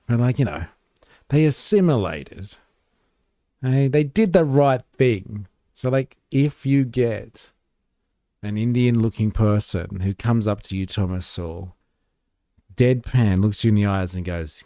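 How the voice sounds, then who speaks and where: A man's voice: medium pitch, expressive, unhurried, mellow, dry recording, clean studio sound. A man hosting a live stream, reacting to a clip with sarcastic, mocking commentary and casual swearing.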